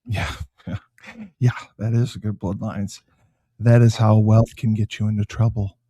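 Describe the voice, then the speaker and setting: A man hosting a comedic political talk show, talking in a low, mock-menacing deadpan tone and reading news items aloud. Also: unhurried, husky, no room sound. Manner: reads news headlines aloud.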